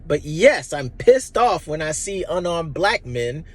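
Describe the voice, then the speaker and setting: A man's voice: on the high side, sing-song, unhurried. A man in his thirties giving an impassioned, blunt personal monologue, emphatic and profane. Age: 30s. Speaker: vlogger.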